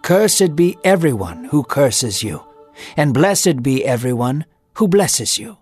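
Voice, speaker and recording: A man's voice: mid-range voice, big pitch swings, slow pace, darkish tone, breathy edge, no echo, faint music behind, exaggerated voice. A man voicing an old blind father who solemnly declaims blessings.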